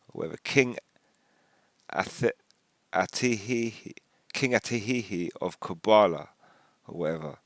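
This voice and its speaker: A man rambling casually through a commentary video, animated and full of restarts. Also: lowish voice, moderate pace, long pauses, dry recording.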